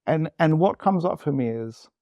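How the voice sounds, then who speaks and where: A man in his fifties telling a personal story candidly in an interview, halting and restarting often. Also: on the high side, expressive, no room sound, lo-fi sound. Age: 50s. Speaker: guest.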